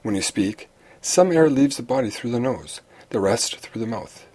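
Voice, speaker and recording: A man reading a prepared talk of practical advice on public speaking, in a measured, instructive way with the odd small restart. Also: mid-range voice, animated, warm tone, husky.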